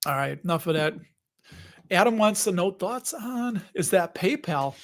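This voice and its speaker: A man's voice: sits high, expressive, a little slow. A man in his forties hosting a casual livestream, chatting and joking while answering viewer questions. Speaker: host of investing livestream.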